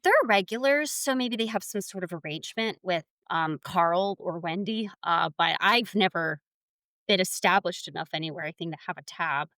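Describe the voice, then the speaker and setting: A woman co-hosting a podcast, telling stories in a casual, animated way and laughing often. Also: on the low side, moderate pace, no echo. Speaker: podcast co-host. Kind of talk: casual chat.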